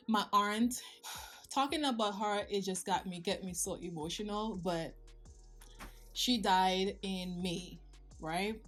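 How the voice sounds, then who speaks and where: A woman in her thirties talking straight to her viewers in a personal vlog, emotional and confiding, with some slips in her grammar. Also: medium pitch. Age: 30s. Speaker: vlogger. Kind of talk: personal life update vlog.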